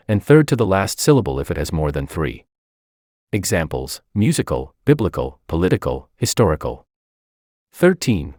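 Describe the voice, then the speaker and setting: Deep-voiced man reading English lessons. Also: no room sound, studio quality. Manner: reads rules and examples in a lively, up-and-down cadence. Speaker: English language tutor. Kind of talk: scripted instructional reading.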